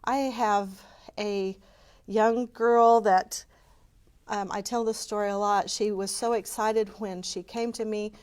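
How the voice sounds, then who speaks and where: A woman with a mid-range, slightly mellow voice speaks slowly and steadily as she gives a community talk to a live audience. Earnest and passionate, she talks openly and takes their questions.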